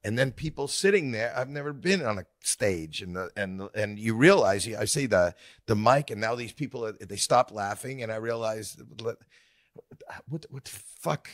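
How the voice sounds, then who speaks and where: An older man telling animated stories on a casual podcast, acting out scenes in other voices. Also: lowish voice, moderate pace, dry recording, studio quality. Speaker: guest comedian.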